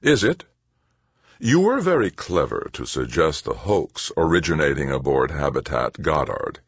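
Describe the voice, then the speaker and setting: A man's voice: extremely low pitch, very animated, normal speed, husky, no room sound, exaggerated voice. A man voicing a cold, self-important zealot official. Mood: accusing. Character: stern hospital head, zealous male official.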